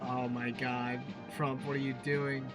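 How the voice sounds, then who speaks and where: A man's voice: medium pitch, level tone, measured pace, over music. A man hosting a livestream, chatting casually as he reacts to clips with amused, rambling asides. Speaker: livestream host.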